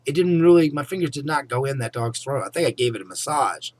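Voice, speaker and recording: A middle-aged vlogger tells a personal story at a quick pace in an expressive, mid-range voice. He rambles casually, frequently saying "anyway" and "okay?".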